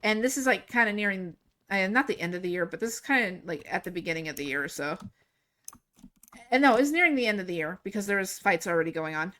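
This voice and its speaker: A young woman livestreamer telling a story casually while gaming, rambling and animated, laughing and swearing often. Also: medium pitch, quick pace.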